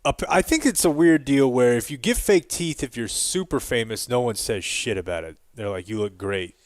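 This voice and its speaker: Lively, joking male podcast host. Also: medium pitch, no echo, clean studio sound. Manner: joking, quick to laugh. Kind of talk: casual sports chat. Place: live stream from a club.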